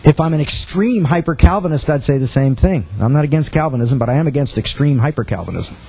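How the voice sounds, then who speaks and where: A middle-aged man giving a sermon-style teaching talk with a husky voice, telling stories and acting out quotes earnestly. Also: fairly high pitch, expressive, fast talker, a little mellow, rough recording. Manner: storytelling with acted quotes, earnest. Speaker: preacher.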